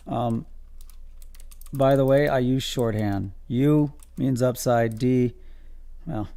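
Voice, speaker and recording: A man's voice: medium pitch, creaky, warm tone. A man streaming his day trading live, calling out levels to viewers in a casual, joking, self-amused way.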